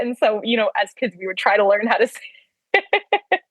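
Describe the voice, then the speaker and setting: A woman's voice: on the high side, normal speed, no echo, low-quality recording. A middle-aged woman, a guest on a podcast, chatting casually and laughing often as she talks. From United States. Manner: warm, laughs often while talking.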